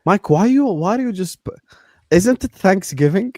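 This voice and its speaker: Young guy hosting a stream, slangy and laughing a lot, higher voice, dry close mic. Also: normal speed, dry recording. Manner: animated, laughing, street slang. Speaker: host. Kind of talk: casual livestream chat.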